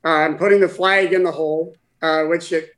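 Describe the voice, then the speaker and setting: A man in his sixties, a guest, telling a personal story in conversation in a halting, heartfelt way with many restarts. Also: a little high, fairly even intonation, fairly bright tone, rough recording. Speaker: guest, former caddie for his father.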